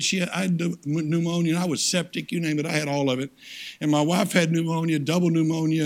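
Older man preaching with gravelly emphasis. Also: high-pitched, fairly bright tone. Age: 60s. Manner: emphatic, repeats phrases for stress, calls on the audience. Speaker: guest preacher. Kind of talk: sermon.

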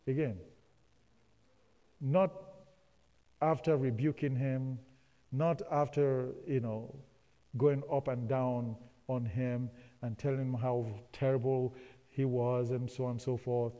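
A man's voice: medium pitch, unhurried, pauses often, dark tone. A man preaching a sermon, calling on the congregation to answer and repeating phrases for emphasis. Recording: long hall reverb.

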